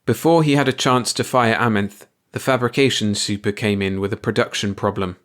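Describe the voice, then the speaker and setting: Low-voiced man reading a story. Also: brisk, a bit bright. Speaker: audiobook narrator. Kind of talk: scripted story narration.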